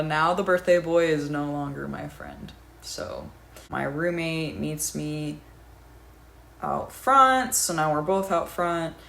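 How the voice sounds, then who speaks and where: Gravelly young woman telling a story. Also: low voice, a little hiss or hum. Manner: profane, rambling, laughing. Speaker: storyteller vlogger. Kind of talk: casual storytime.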